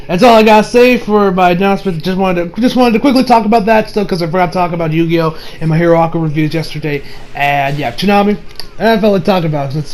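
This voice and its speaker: A man's voice: fairly high pitch, poor audio. A young man giving a casual, rambling anime episode review, with profanity and many restarts.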